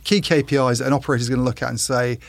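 Gravelly hesitant man, podcast guest. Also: mid-range voice, fairly even intonation, racing. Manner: hesitant, restarts, thinks aloud. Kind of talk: casual podcast chat about tech.

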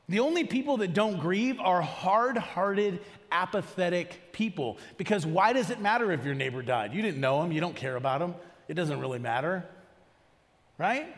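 A man's voice: high-pitched, big-room sound. A male pastor preaching a sermon in a conversational way, often asking the congregation questions. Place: church auditorium.

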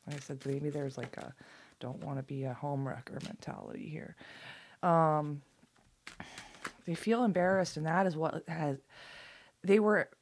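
A woman giving a casual tarot reading, drifting into soft whispers and trailing phrases. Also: low-pitched, creaky, slight background noise. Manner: swearing, giddy, laughing often. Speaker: tarot reader.

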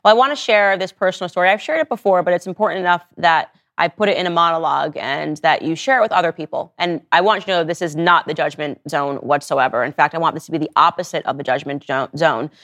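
A woman's voice: low-pitched, fast talker, hardly any pauses. A woman in her thirties hosting her own show, delivering a personal monologue and acting out the people she quotes. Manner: animated storytelling, acting out quoted voices. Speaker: podcast host.

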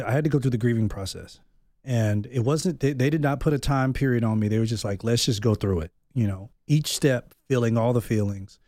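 A man's voice: medium pitch, darkish tone, no echo, clean studio sound. A man in his thirties, a podcast guest, talking openly and reflectively in a candid personal conversation, thinking aloud as he goes.

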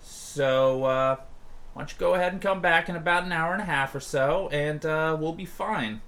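A man's voice: fairly high pitch, normal speed, fairly bright tone, voice pushed up. A man voicing a wary woman bar worker in a tabletop game, curt and dismissive.

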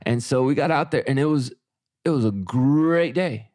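In a casual chat, a podcast co-host animatedly recounts a story, imitating what he and his wife said. The man's mid-range voice moves at a moderate pace and sounds dry, with no room sound at all.

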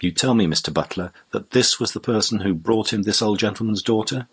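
A stern older baronet, indignant and exclaiming, as a man reads him aloud. The voice sits very low and husky, with a stern edge that carries through the storybook reading. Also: a little fast. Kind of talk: audiobook reading.

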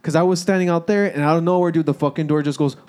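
A man's voice: on the high side, fairly even intonation, very fast, darkish tone, smooth. A young man telling a story to friends in a casual, rambling way, cursing and restarting often.

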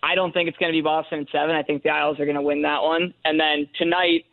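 A man phones in to a sports radio show and talks through his betting picks at an easy pace, pausing on fillers as he works out his reasons. His voice sits a little high for a man. The line is thin and tinny and completely dry. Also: creaky, dry recording. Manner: relaxed, with fillers and measured reasoning. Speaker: sports betting analyst guest.

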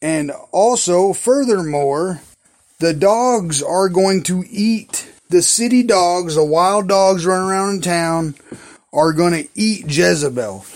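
A man's voice: high-pitched, slow. A man voicing the prophet Elijah in a retold Bible story, slangy and taunting.

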